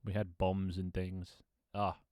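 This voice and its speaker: Deep-voiced young man, rambling stream chat. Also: flat delivery, slow, dark tone, dry recording, studio quality. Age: 20s. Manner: rambling, self-mocking, laughs often, swears casually. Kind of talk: casual live-stream chat. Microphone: desk microphone.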